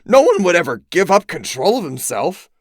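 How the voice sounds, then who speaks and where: A teenage girl, shaken and indignant, speaks in a raised, strained voice, as a man puts her on well above his own low range. The dry, close sound leaves no room around her. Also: big pitch swings, moderate pace, dry recording. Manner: distressed, indignant. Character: Rachel, upset teenage girl. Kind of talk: solo audiobook acting.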